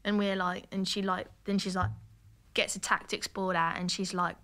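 A woman's voice: on the low side, flat delivery, a little fast, a bit bright. A woman with a Birmingham accent, a former player who now works as a football pundit, earnestly telling a story as a guest on a podcast. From Birmingham, England. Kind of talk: casual chat, storytelling.

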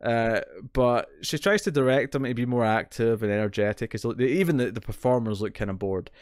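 A British man talks through an episode recap in a loose, chatty way, often restarting his sentences. His voice sits at a middling pitch. It is recorded close and dry, with little room sound. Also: brisk, no echo. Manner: rambling, restarts a lot, recaps the plot in detail. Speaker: podcast co-host. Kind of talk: casual TV recap discussion.

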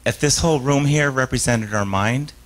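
A stage hypnotist gives a live author talk and fields audience questions, his mid-range voice moving at a normal speed through poor-quality audio. He rambles, interrupts himself, restarts sentences often, laughs frequently, and acts out the voices of characters in his stories.

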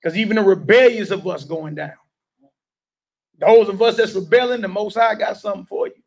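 A man's voice: high-pitched, fairly quick, gravelly. A man preaching to a gathered room, urging and questioning his listeners in call and response. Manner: emphatic, urging the listeners directly. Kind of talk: street-style sermon with call and response.

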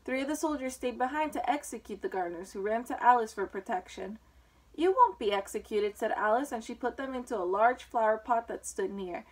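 A woman with a fairly high voice reads a children's storybook aloud. Her reading is relaxed and informal, with the odd um as she points out the pictures. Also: fairly quick, few pauses, low-quality recording. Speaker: reader.

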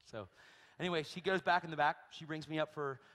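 A man preaching a sermon, telling a story with animated energy and acting out the people in it. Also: a little high, brisk. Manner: animated storytelling, acts out voices, shrieks in quotes. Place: large church hall. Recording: long hall reverb.

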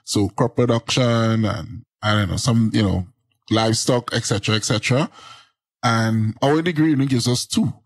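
A man from Trinidad, a guest on an interview podcast who explains things at length in a steady, drony voice. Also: medium pitch, moderate pace, husky, dry recording. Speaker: guest, agricultural journalist. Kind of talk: casual interview.

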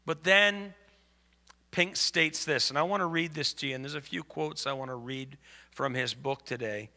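A man's voice: fairly high pitch, unhurried, sharp tone, in a large hall. A man preaching a sermon as pastor, conversational and asking the congregation for amens. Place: church.

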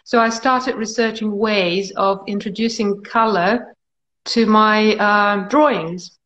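A woman artist answering interview questions in a thoughtful, halting way, with frequent pauses and restarts. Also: mid-range voice, fairly even intonation, a bit bright, highs cut off, slight background noise.

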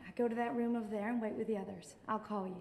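An actress playing a brisk, no-nonsense young nurse sending a man on his way. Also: on the high side, fairly even intonation, a little mellow, natural voice.

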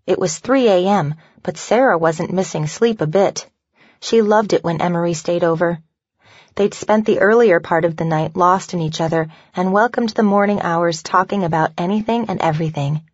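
A woman narrating a novel in an even, measured storytelling voice. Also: fairly low pitch, no echo. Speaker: audiobook narrator. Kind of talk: scripted narration. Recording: dull lo-fi dry recording.

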